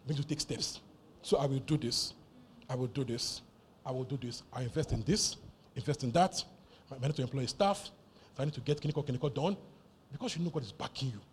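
A man preaching a sermon, animated and emphatic, repeating key phrases over and over. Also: mid-range voice, a little fast, long pauses, a little hiss or hum. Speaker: pastor.

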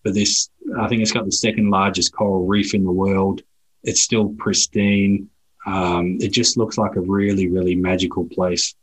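An Australian man talking as a guest, telling travel stories in a relaxed way with frequent restarts. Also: sits low, moderate pace, breathy edge, rough recording. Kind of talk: casual conversation.

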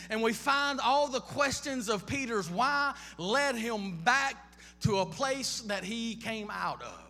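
High bright-voiced preacher. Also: male voice, animated, slow pace, faint music behind. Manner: impassioned, piles up repeated questions, frequent restarts. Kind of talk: sermon. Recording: long reverb of a large hall.

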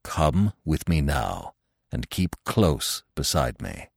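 A wise old stag, stern and protective, giving urgent commands low and slow, as a man reads him out. His voice sits deep and is heard up close in a dry space. It is a storybook reading. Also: very animated, vocal fry, dry recording, heavily acted. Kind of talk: audiobook reading.

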